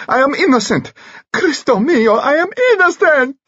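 A man's voice: normal speed, slightly rough, dry recording, highs cut off, lightly acted. A man voicing a sleek, theatrical foreign suspect who screams and sobs his innocence in an audiobook. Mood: hysterical. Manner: shrill, sobbing protests.

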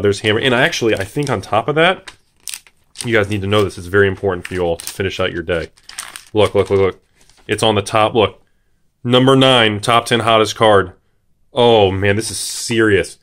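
A man's voice: lowish voice, normal speed. Hyped man opening cards on camera. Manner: hyped, jittery, shouts at big pulls. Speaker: card-opening video host. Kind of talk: excited casual commentary.

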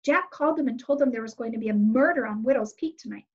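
A woman's voice: a little high, fast talker, darkish tone, husky. Young girl sleuth, read by a woman: wary and blunt, slightly lo-fi recording. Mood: questioning.

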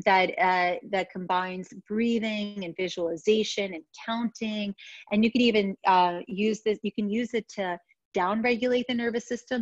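A woman's voice: mid-range voice, no echo. A woman from New York, a stress coach, casually and frankly teaching self-soothing techniques over a video call. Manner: casual, frank, demonstrates moves while talking. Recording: dry, slightly dull sound.

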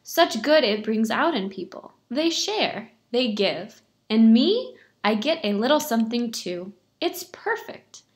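A woman's voice: fairly high pitch, very animated, a little slow, few pauses. A woman voicing a ragged, hungry little male beggar who turns out wily, pleading and scheming in a storybook. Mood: pleased.

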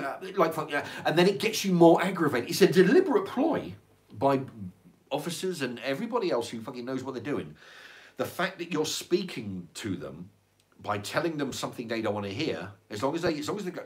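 Rambling older man, lively pitch. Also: fairly quick. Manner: rambling, swears, repeats words. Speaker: livestream host reading chat. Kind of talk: casual chat.

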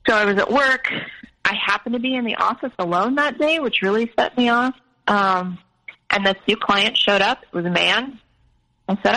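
A woman's voice: medium pitch, normal speed, pushed and bright, rough recording. A young woman candidly recounting a painful family story, quoting others in her own voice. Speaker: guest telling her story. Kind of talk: personal storytelling.

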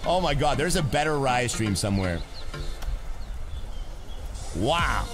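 A man streaming a game live, chatting excitedly with his viewers and laughing often. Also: mid-range voice, takes it slowly, pauses often, over music. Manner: excitable, laughing, talks to chat. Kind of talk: live gaming stream chat.

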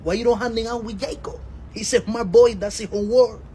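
A man's voice: extremely high pitch, fairly even intonation, a little fast, a little mellow, slight background noise, rough recording. A man, a comedian teasing a friend in broken English in a skit.

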